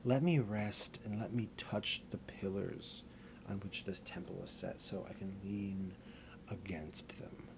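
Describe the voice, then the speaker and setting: A man doing a blind, chained strongman pleading in a slow, hushed voice that falls to a whisper, low and gravelly. He is desperate and vengeful, a figure in a told story. The recording has a noisy background. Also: fairly even intonation.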